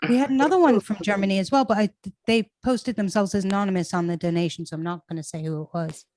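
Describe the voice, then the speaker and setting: A woman's voice: mid-range voice, quick pace, a little mellow, no echo. A woman hosting a charity comedy night over a video call, chatting casually and gushing with laughter. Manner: bubbly, gushing, laughs often. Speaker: host and fundraiser.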